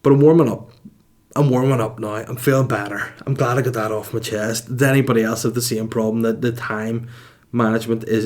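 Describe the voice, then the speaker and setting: A man in his thirties with a Northern Irish accent, hosting a comedy podcast at home in a cold room, telling stories with animated exasperation and swearing. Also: lowish voice. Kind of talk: comedic monologue.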